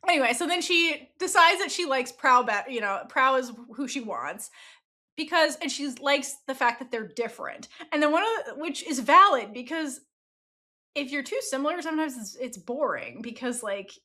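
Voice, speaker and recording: Lively, bright-voiced woman podcaster. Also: high voice, normal speed. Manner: animated, laughs often, swears freely. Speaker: podcast co-host. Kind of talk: casual podcast chat reviewing a TV series.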